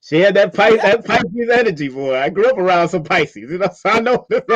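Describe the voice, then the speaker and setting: A man hosts a casual interview with a notably high voice, recorded close and dry. He is enthusiastic, repeats phrases and laughs often, affirming his guests. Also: lively intonation, a little fast, dry recording, muffled recording. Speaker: interview host.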